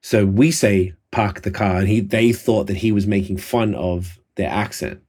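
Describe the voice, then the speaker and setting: A man's voice: lowish voice, steady tone, moderate pace, dark tone. A man co-hosting a podcast in casual chat, laid-back and swearing easily as he steers the topics. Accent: Canadian. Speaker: podcast co-host.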